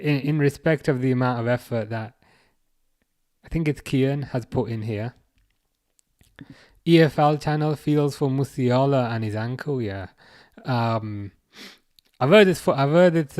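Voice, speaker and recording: A man's voice: mid-range voice, unhurried, a little mellow, no echo, clean studio sound. Man hosting a chat stream. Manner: hesitant, lots of fillers and restarts. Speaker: livestream host. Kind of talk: casual chat reading viewer comments.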